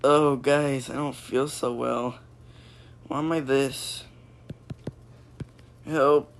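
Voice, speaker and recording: A man improvising a goofy VR puppet comedy, excitable and silly, breaking into sudden squeals. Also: mid-range voice, takes it slowly, vocal fry, long pauses, background noise. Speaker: puppet show creator.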